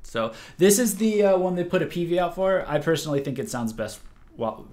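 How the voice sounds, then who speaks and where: A man's voice: fairly high pitch, expressive, darkish tone. A young man hosting a music listening livestream, sleep-deprived and chatting casually, stumbling through fillers and restarts. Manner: halting, full of fillers and restarts. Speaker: livestream host.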